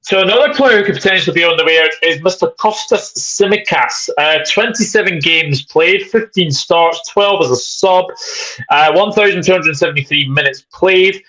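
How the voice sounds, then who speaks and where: A man's voice: high-pitched, moderate pace, sharp tone, poor audio. A man hosting a live football chat stream, reading viewer comments aloud in a chatty way. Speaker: host.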